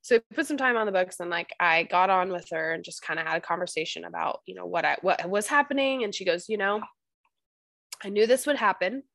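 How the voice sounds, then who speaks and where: A woman's voice: fairly low pitch, animated, a little fast, vocal fry, a bit bright, dry recording. A young woman hosting a podcast, chatting casually and telling stories with frequent restarts. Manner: chatty, storytelling, many restarts. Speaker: podcast host.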